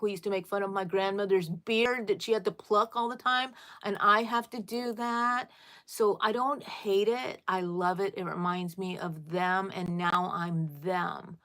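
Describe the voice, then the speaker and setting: A woman's voice: medium pitch, fairly even intonation, moderate pace, a bit bright. A middle-aged woman hosting a casual crochet livestream, chatting with viewers, answering their comments and often calling them "people". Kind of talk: casual live chat with viewers.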